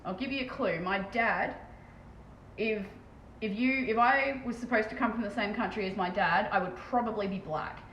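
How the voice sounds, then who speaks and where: Fast-talking Australian woman, echoey room. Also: mid-range voice, a bit bright, highs cut off. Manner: very fast, chatty, swears casually. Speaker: live streamer and terrain painter. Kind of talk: casual live-stream chat. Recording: echoey room with faint background noise.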